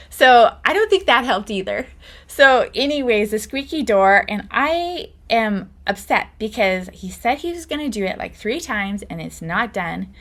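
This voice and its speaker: A woman's voice: medium pitch, fairly bright tone. A middle-aged woman hosting a podcast, telling stories in a chatty, casual way and laughing often. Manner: chatty storytelling with frequent laughter. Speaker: podcast host.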